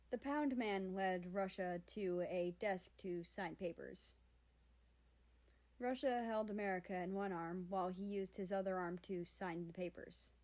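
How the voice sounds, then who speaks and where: A woman reads a fan fiction chapter aloud in a plain storytelling manner. Her voice sits at a middle pitch, neither high nor low, and she keeps the narration steady.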